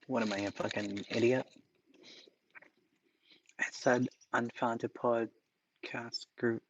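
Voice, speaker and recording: A man's voice: on the low side, fairly bright tone, muffled recording, a little hiss or hum. A man hosting a casual livestream, reading chat aloud with profane, sarcastic asides and mutters. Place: home, dogs barking nearby.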